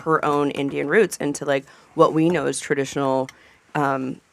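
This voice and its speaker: Chatty woman chef with a gravelly edge. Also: deep voice, level tone, normal speed, a bit bright. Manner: chatty, rambling with many fillers. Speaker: chef guest. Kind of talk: casual radio panel chat. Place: radio studio.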